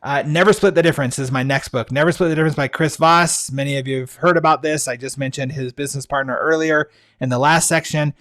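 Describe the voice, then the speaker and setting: A podcast host runs through his book recommendations in a casual, enthusiastic monologue. His voice is fairly high, steady and a bit bright, and he talks fast, with frequent fillers and restarts.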